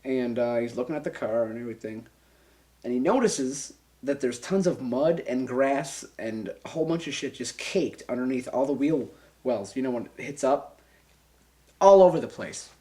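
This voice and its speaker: Young guy swearing his way thru a crazy story, acts out all the voices, mid-pitched. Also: normal speed. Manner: animated, profane, acts out voices and sound effects. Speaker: storyteller being interviewed. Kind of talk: casual anecdote.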